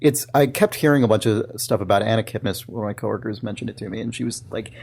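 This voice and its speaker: A young adult man co-hosting a podcast, chatting casually and acting out little bits of dialogue with animated energy. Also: on the low side, vocal fry, slightly rough. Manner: animated, acts out characters' lines in quick impressions. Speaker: podcast co-host. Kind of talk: casual chat.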